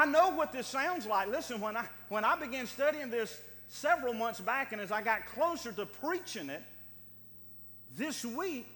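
High, bright-voiced preacher in a reverberant hall. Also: male voice. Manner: emphatic, repeating phrases for stress. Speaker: pastor. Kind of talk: sermon.

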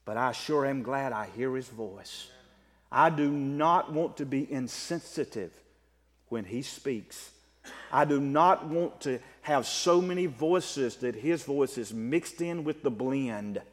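A man preaching a sermon as pastor, animated, with a rising and falling delivery. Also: medium pitch, slow. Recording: long reverb of a large hall.

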